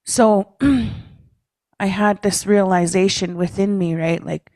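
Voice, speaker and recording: A woman telling a personal story to a leaders' meeting, relaxed, often ending phrases with "hey?" or "eh?" and clearing her throat. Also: medium pitch, slow pace, no echo. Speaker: speaker at a First Nations leaders' caucus. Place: meeting room.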